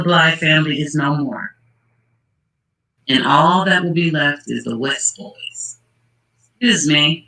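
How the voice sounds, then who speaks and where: This channel host's casual true-crime commentary turns emphatic and worked up as he speaks straight to those involved. His fairly high voice has vocal fry and a sharp tone, and he takes it slowly with long pauses. The recording is low quality.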